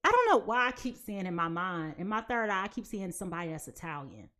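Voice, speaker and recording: A young adult woman giving a live tarot reading in a chatty, animated way, now and then acting out quoted voices. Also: medium pitch, quick pace. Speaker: tarot reader.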